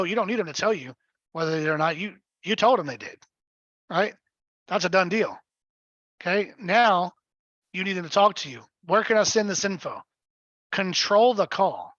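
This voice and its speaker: High-pitched man running a webinar for sales agents, blunt and emphatic; dull, dry lo-fi call audio. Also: fairly bright tone, no room sound. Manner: blunt and emphatic, often checks in with "right?". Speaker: real estate sales trainer. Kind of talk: live webinar coaching.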